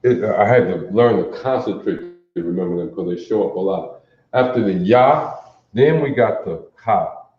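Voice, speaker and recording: A man teaching an alphabet in a lesson, slow and deliberate, often quizzing his listeners with questions. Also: fairly low pitch. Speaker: language teacher. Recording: roomy, dull lo-fi sound.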